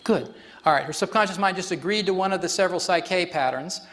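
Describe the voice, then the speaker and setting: A man's voice: high-pitched, fast, a bit bright. A man facilitating a live workshop demonstration on stage before an audience, explaining in a chatty way and laughing often.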